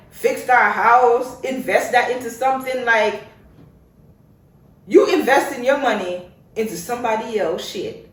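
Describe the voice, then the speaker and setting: A young woman hosting her own podcast, ranting in a lively, opinionated way and laughing often. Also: medium pitch, distant mic. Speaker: podcast host. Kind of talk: casual opinionated monologue. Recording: echoey room, off-mic.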